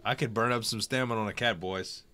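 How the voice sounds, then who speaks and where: A man's voice: lowish voice, fast talker, bright, forceful tone, slight background noise. A tipsy man chatting and joking while streaming a game. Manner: rambling, joking, playful. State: tipsy from wine. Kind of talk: casual gaming chat.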